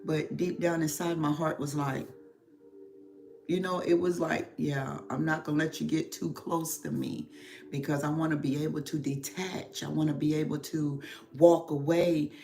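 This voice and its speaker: A middle-aged woman speaks to her livestream audience as a spiritual therapist, her voice emotional and confiding. She talks slowly and reflectively, pausing often and leaning on soft fillers as she searches for words. The tone is that of a personal, confessional talk. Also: deep voice, level tone. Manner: slow, reflective, heavy with pauses and fillers.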